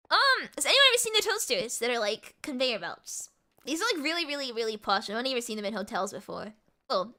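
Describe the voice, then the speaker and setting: A woman's voice: on the high side, sharp tone. A woman VTuber streamer chatting casually and playfully while gaming, rambling from one thought to the next.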